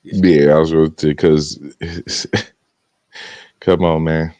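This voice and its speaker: A man with a very low voice, recorded dry and close. He talks bluntly and sardonically in a casual podcast, chuckling between his points. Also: flat delivery, slow pace, dark tone, no echo, muffled recording. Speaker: co-host. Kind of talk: casual chat.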